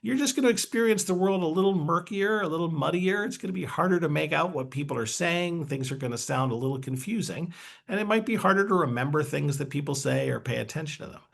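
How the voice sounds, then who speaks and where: A man's voice: on the high side, lively intonation, fast talker, creaky. A man presenting a webinar, explaining a brain training exercise in a chatty, upbeat way.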